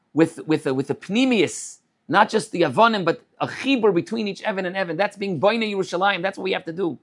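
A rabbi delivers a Torah sermon in a light, high-pitched male voice. He talks in a measured way, circling back on his phrases and weaving in Hebrew terms. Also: a bit bright.

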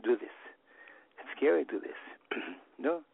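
Man teaching a Torah lesson, husky voice, halting and repetitive, restarts often, thin phone-like sound. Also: medium pitch, lively intonation, no room sound. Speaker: religious teacher. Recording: phone-like line.

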